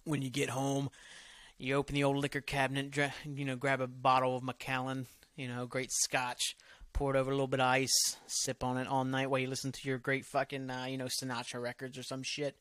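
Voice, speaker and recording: A man's voice: medium pitch, completely flat delivery, fairly quick, a bit bright, smooth, no echo. A man hosting a solo podcast, rambling from topic to topic in loose, profane talk that often trails off. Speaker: podcast host.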